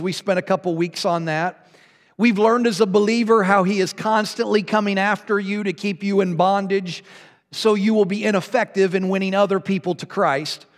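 A man preaching a sermon as pastor, telling a joke with a playful, chuckling storyteller's manner. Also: high-pitched. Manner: jokey storytelling, chuckling at his own jokes. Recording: long reverb of a hall.

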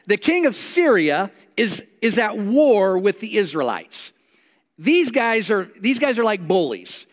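A male pastor delivers a storytelling sermon in a high, lively voice that leaps up and down as he plays out each character. His words ring out with a long tail of reverb, as if spoken in a large church hall. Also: a little slow. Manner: animated storytelling preacher, acts out quoted lines.

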